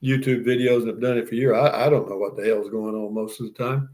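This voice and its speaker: A man's voice: mid-range voice, fairly even intonation, fast talker, darkish tone. An older man with a Texan accent, hosting a casual live stream, reading viewer comments and chatting in a folksy, rambling way. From Texas. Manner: folksy, rambling, with frequent restarts and "you know what I mean".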